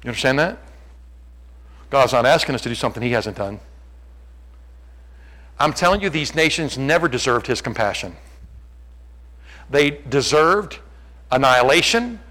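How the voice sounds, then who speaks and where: A man preaching a sermon, joking with the congregation and acting out what people say, rising to near-shouts. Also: medium pitch, moderate pace, long pauses, poor audio. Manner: animated, jokey, acts out quotes, shouts at peaks. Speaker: pastor.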